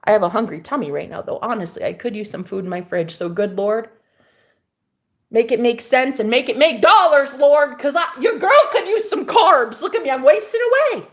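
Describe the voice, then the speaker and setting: A woman's voice: fairly high pitch, animated, fairly quick. A woman hosting a casual spiritual livestream from a rented room, sassy and laughing as she talks back to her viewers' comments. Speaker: livestream host.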